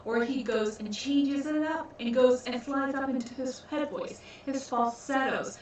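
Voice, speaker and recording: Music plays behind this American woman as she gives casual reaction commentary on a music video, gushing and explaining at length. Her voice is high-pitched yet darkish, with fairly even intonation and a measured pace, captured on a distant mic in an echoey room with slight background noise.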